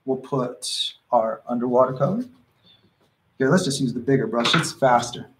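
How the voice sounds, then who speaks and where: A man of ordinary pitch walks viewers through a live painting demonstration. He talks casually and encouragingly, thinking out loud and restarting his sentences as he works. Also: normal speed, noisy background. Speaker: painting instructor.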